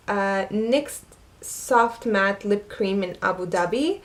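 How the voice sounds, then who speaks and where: A young woman narrating a makeup tutorial, gushing and easily excited as she talks to her viewers. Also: medium pitch, slow. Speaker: beauty vlogger.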